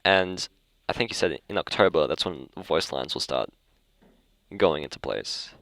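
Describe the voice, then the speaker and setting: A young adult podcast host with a natural Australian accent chats casually into the mic in a school library, his low, gravelly voice fairly bright with lively intonation and a slightly slow pace. The sound is dry and close with no room noise. He rambles through half-finished thoughts, corrects himself mid-sentence and chuckles at his own tangents.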